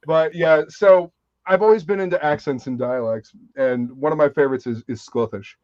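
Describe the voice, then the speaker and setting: Excited guy cussing a lot on a live stream, kinda dull lo-fi sound, dry close mic. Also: a little high, moderate pace, no echo. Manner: enthusiastic, swears freely. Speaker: livestream host. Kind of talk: casual chat. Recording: slightly dull, lo-fi stream audio.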